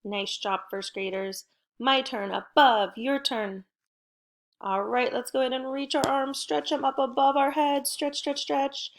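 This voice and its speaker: A middle-aged woman teaching a recorded home lesson to first graders, upbeat and encouraging, speaking slowly and clearly for children. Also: sits high, fairly even intonation.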